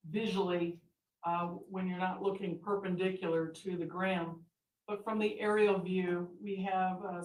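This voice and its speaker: A woman attorney questioning a witness in a courtroom, asking deliberate, leading questions. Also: fairly low pitch. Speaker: defense attorney. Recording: echoey courtroom audio from far mic.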